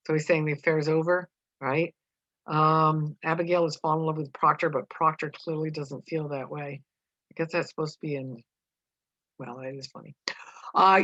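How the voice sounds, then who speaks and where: A woman teaches a play to homeschoolers, reading it aloud and explaining in plain words with frequent fillers. Her voice is low for a woman. The recording is dull and dry, with no room sound. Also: fairly even intonation, moderate pace, pushed and bright, no echo. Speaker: literature teacher.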